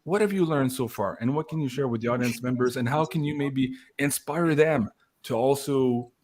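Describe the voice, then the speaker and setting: A man hosting a livestream, speaking with emotion and gratitude and pausing often with fillers. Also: medium pitch, darkish tone. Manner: emotional, grateful, halting with many uh fillers. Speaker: host. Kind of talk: livestream talk.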